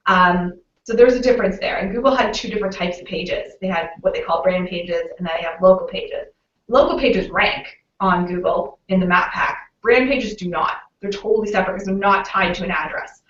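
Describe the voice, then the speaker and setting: A woman's voice: mid-range voice, a little fast, fairly bright tone. A woman with a Canadian accent presenting a webinar, explaining things casually with frequent fillers. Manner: casual, explanatory, many "um"s and "you know"s. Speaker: local SEO consultant presenting a webinar. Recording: roomy, distant, muffled webinar audio.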